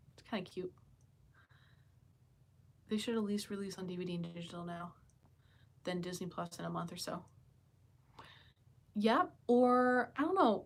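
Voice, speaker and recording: A woman hosting a casual live chat from home, thinking aloud and reading out viewers' comments, with many fillers and questions to her viewers. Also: medium pitch. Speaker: livestream host chatting with viewers. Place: home with pets nearby.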